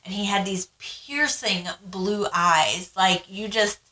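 A woman's voice: medium pitch, steady tone, slow, sharp tone, echoey room, low-quality recording. A woman co-hosting a podcast, telling her story in casual, frank chat, swearing freely and acting out what people said. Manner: frank, swears freely, acts out quoted lines. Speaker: podcast co-host.

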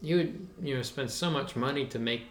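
A young adult man with a medium-pitched voice talks a little fast in a casual podcast chat recorded with a roomy echo. He's laid-back yet enthusiastic, saying "dude" a lot.

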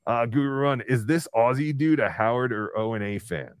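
A man's voice: mid-range voice, clean tone, no room sound. Chatty man with a dry sound. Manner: halting, lots of fillers, self-deprecating. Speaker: podcast host. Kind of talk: casual chat.

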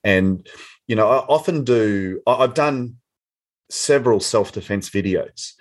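A man's voice: fairly low pitch, animated, a little slow. A man hosting a casual podcast interview, encouraging his guest and laughing along. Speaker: podcast host.

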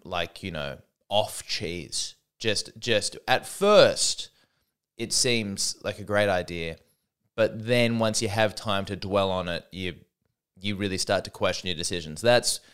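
A man's voice: deep voice, unhurried, fairly bright tone, smooth. An Australian man hosting a solo podcast, talking in a rambling, sardonic, self-deprecating way. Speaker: podcast host.

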